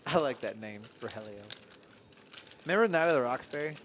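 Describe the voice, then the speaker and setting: A man's voice: medium pitch, animated, brisk. A man doing casual, rambling live poker commentary with frequent laughter. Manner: chatty, laughs often, loose and rambling. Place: card room. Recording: card room crowd noise behind.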